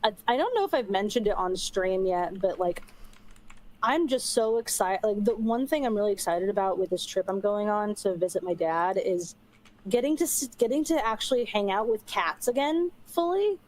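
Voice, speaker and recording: A woman's voice: mid-range voice, animated, normal speed, darkish tone, rough recording. A young woman streamer rambling in casual chat while gaming, swearing offhand and using lots of fillers.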